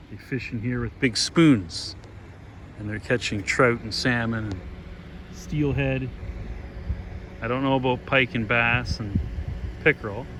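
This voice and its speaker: A man giving a rambling, easygoing tour narration by a lakeside harbor. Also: medium pitch. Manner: rambling, easygoing, chatty asides. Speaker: travel and fishing vlogger. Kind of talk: casual walking-tour narration. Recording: outdoor background noise.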